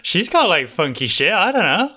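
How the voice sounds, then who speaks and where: A woman's voice: big pitch swings, pushed and bright, husky, exaggerated voice. A woman voicing a flustered, evasive woman fighter. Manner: flustered, higher and quick.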